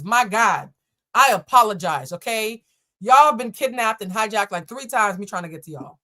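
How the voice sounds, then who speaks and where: Joking, animated woman reading tarot live. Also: medium pitch, moderate pace. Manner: animated, joking, laughing, swearing, chatting with viewers. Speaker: tarot reader hosting a live stream. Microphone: laptop or camera setup.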